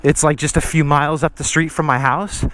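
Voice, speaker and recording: A man's voice: fairly high pitch, fairly even intonation, brisk, a bit bright. Breathless man vlogging on a trail. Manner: slangy and rambling, says dude and freaking. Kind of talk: casual vlog talk while riding. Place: outdoor trail.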